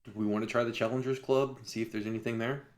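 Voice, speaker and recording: A man's voice: medium pitch, steady tone, fast. A man playing a tabletop horror game, dry and sarcastic. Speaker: player. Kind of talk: in-character tabletop play.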